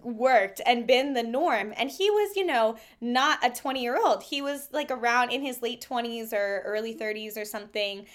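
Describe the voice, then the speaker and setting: A woman who is a guest on a podcast, telling a story in an animated way and laughing often. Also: on the high side, normal speed, few pauses. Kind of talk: casual podcast conversation.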